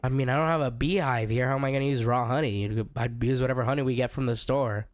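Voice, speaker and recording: A young man streaming a game who is sick and sounds rough. He chats casually, reads chat aloud and jokes with viewers. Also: mid-range voice, fast, no room sound. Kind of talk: casual chat while gaming.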